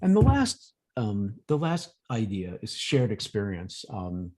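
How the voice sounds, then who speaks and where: A man presenting a workshop in a relaxed, conversational way over a video call, acting out everyday examples. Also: lowish voice, unhurried. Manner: lively, acts out examples in quoted voices. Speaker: workshop presenter on emotional intelligence.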